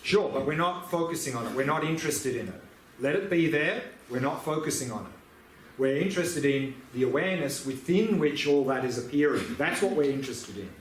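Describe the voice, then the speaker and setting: A man's voice: fairly high pitch, animated, a little fast, a little hiss or hum. A man teaching meditation, answering questions with patient, repetitive explanations. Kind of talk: dharma teaching Q&A. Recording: echoey room, faint ambience.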